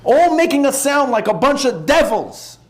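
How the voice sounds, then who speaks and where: A man, a rabbi, giving an animated, conversational sermon to a live audience. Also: very high-pitched, moderate pace. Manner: animated, conversational preaching with acted-out asides.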